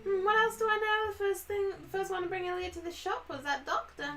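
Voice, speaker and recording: A woman doing a flirty barmaid, sassy, drawling, high voice, distant mic, faint music. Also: steady tone, fast, fairly bright tone. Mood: coaxing.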